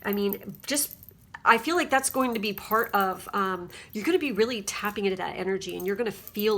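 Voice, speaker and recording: A woman talks through a pick-a-card tarot reading in a loose, rambling way. She keeps checking in with her listeners as she goes, at an everyday mid pitch. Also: fairly quick, sharp tone. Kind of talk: casual spiritual card reading.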